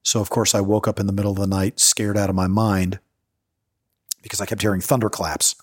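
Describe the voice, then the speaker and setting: A man's voice: fairly low pitch, little pitch movement, brisk, breathy edge, no echo. Man, forties, podcast host, personal storytelling, candid, swears freely, dry close sound. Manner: candid, profane, acts out quoted voices.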